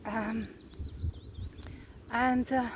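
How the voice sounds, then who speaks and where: A woman's voice: on the high side, level tone, very slow, background noise. A woman, talking casually to her viewers in a rambling, chatty vlog monologue and putting questions to them. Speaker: vlogger.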